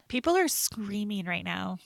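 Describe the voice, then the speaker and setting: A woman co-hosting a podcast in casual chat, animated and teasing, giggling often. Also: medium pitch, a little slow, vocal fry, no room sound. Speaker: podcast co-host.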